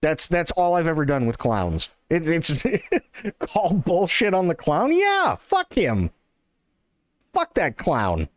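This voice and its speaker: Profane, ranting male streamer with a high, lively voice. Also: unhurried, no echo. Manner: profane, sarcastic, animated ranting. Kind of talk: casual ranting chat.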